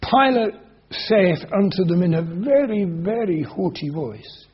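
A man preaching an expository sermon, his voice high for a man and very husky. He reads scripture aloud and then explains it, dropping soft and then rising emphatic. The recording is dull and lo-fi. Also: big pitch swings, unhurried.

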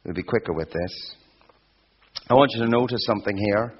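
Male preacher, sermon, slow emphatic delivery, husky voice, muffled lo-fi recording. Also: lowish voice. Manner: slow, emphatic preaching with swelling repeated phrases. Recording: dull lo-fi sound.

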